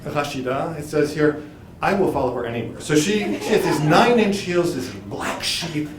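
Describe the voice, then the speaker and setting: A college professor tells a story on stage to a live audience, animatedly acting out his own lines and others' and switching into fluent French. His voice is on the high side at normal speed, caught by a distant mic in a roomy venue with background noise and crowd laughter.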